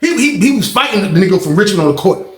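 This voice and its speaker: A man hosting a casual storytime monologue, animated and profane, acting out the voices in his tale. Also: high-pitched, fast talker, reverberant. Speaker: storytelling channel host.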